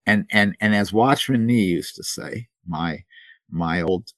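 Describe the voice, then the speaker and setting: A man's voice: lowish voice, measured pace, no room sound. An older man in his seventies preaching a sermon, telling stories earnestly with many restarts and repeated words. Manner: storytelling, repetitive restarts, earnest. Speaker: pastor.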